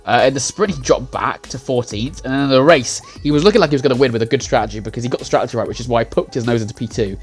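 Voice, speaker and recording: A man's voice: mid-range voice, racing, few pauses. A young man recapping a sim racing league round in a casual, rambling way, full of fillers, self-corrections and little chuckles. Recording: faint music behind.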